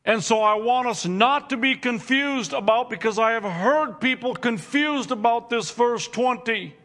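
A man preaching a sermon to his congregation, reading scripture and explaining it with slow, deliberate emphasis. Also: extremely high pitch, fairly bright tone. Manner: addresses congregation directly. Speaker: pastor.

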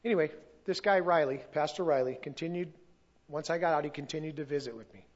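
A middle-aged man tells his own story to a church congregation, earnest and openly emotional. His voice sits a little high for a man. The recording is dull and lo-fi. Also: quick pace. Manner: earnest and emotional, sometimes loses his place. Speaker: church testimony speaker. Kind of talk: personal testimony at a church service.

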